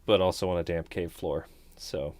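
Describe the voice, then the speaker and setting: A man narrating as game master in a relaxed way, pausing with ums. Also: low voice, no room sound.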